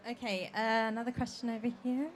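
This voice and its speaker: Brisk woman hosting. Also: fairly high pitch, steady tone, a little hiss or hum. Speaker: interview host. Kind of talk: live event interview.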